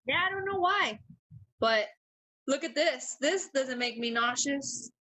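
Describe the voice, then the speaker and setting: High-voiced, giggly woman co-host. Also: lively intonation, unhurried, pushed and bright. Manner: giggly, laughs often, swears casually. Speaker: podcast co-host. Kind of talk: casual chat.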